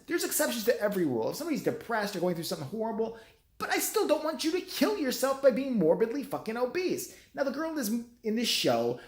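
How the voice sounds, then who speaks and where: Sarcastic middle-aged vlogger ranting. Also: medium pitch. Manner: sarcastic, profane, rambling. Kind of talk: profane rant. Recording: roomy echo.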